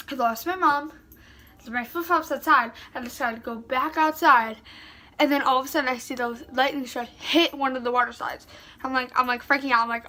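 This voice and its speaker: A woman's voice: sits high, sharp tone. A young woman vlogger telling a casual storytime, rambling with lots of fillers like "like.". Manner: rambling, filler-heavy retelling with many "like"s.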